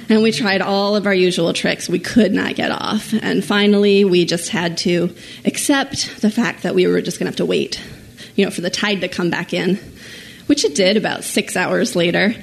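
A woman telling a personal story to an audience in an animated, self-mocking way, laughing at herself as she goes. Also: lowish voice, normal speed, creaky.

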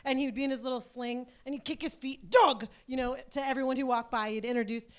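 A woman's voice: high-pitched, steady tone, fast talker, smooth. A woman of about forty telling a personal story casually, rambling with lots of "like" and "you know". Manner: rambling, filler-heavy, chatty.

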